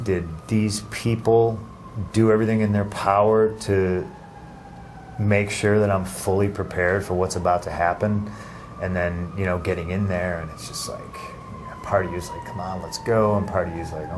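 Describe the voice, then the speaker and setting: A man giving an interview in a casual, halting way, with many restarts and fillers. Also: sits low, a little mellow, slight background noise. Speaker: interview guest.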